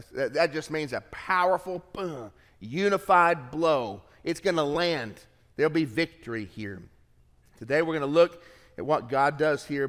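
A man preaching a sermon as pastor, reading scripture aloud with lively shifts of pace and emphasis. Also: medium pitch, long reverb tail.

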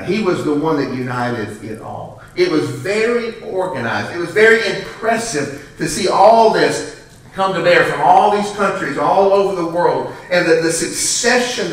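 Fairly high-pitched and bright, the male preacher talks a little slowly with lively intonation. He addresses his congregation conversationally, frequently asking them questions, while a distant mic records the echo of the sanctuary.

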